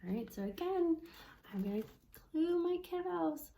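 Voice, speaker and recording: A woman speech-language pathologist teaching parents with a children's book, animated and encouraging, often asking questions. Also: very high voice, measured pace, gravelly.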